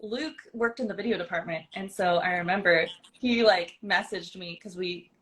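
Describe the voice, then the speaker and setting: A woman voice actor in casual chat, telling animated stories, acting out lines of dialogue and laughing often. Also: lowish voice, normal speed, poor audio.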